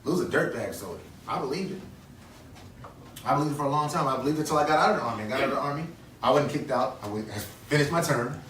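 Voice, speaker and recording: A fairly high, slightly bright male voice fires off words rapidly as this motivational speaker in his thirties earnestly addresses children at a conference, drilling key phrases and quizzing listeners. It's recorded from a distance in an echoey conference hall, with faint ambience and a little hiss or hum.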